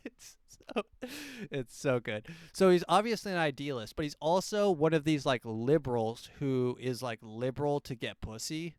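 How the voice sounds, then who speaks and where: A man's voice: mid-range voice, normal speed, smooth, no room sound, clean studio sound. A man hosting a podcast, rambling through a casual book review and breaking into silly voices for quotes. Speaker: podcast host.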